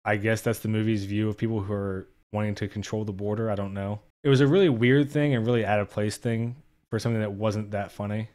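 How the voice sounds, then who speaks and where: A man's voice: fairly low pitch, steady tone, fast, few pauses, darkish tone. A young man giving a casual spoken movie review, blunt and profane, openly exasperated.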